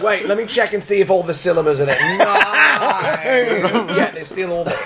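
A man's voice: sits high, fast talker. A man from a podcast, cracking jokes and laughing in casual chat. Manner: wisecracking, laughs while talking. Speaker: podcast guest. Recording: loud crowd behind.

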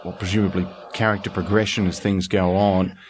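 A man's voice: sits low, level tone, brisk, slight background noise. A man from Australia, hosting a casual podcast chat, easygoing with dry asides and frequent laughter. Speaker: podcast host.

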